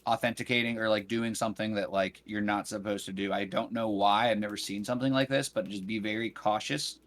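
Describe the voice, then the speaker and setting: Low-voiced man giving calm advice. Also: a little fast. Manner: calm, advising, many "like" fillers. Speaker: guest. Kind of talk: casual livestream chat.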